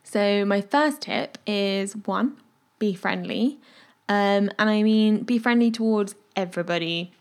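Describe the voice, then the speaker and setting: A woman's voice: mid-range voice, unhurried. A woman junior doctor in casual podcast chat, telling stories and acting out what people said. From United Kingdom. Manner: chatty storyteller, acts out quoted lines.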